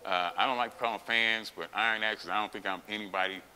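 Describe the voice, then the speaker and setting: A middle-aged man speaks in a low, hard-edged, forceful voice, telling his story with constant swearing and sudden loud bursts. His words ring out with a long reverb and a faint hiss behind them, as if taped in a big gym. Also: steady tone, fast. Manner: profane, emphatic, acts out quotes with loud outbursts. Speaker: guest, former champion weightlifter. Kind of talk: candid interview storytelling.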